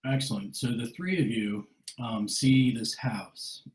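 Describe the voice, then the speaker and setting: A man's voice: medium pitch, lively intonation, measured pace. A man narrating as game master for a tabletop game, hesitant and full of fillers. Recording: roomy echo.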